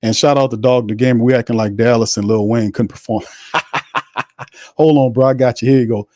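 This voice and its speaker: A man's voice: medium pitch, fairly even intonation, moderate pace, darkish tone, no echo, studio quality. A man hosting a live football watch party, calling the plays, reading viewer messages and trash-talking. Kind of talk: live play-by-play and chat reading.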